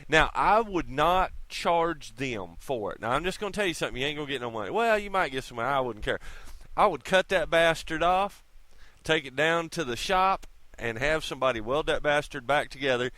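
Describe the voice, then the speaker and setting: Brisk and expressive, this man's slightly high, sharp-toned voice carries a profanity-laced, folksy rant aimed directly at his viewers, whom he addresses as kids. He's a video blogger, and the recording has no echo.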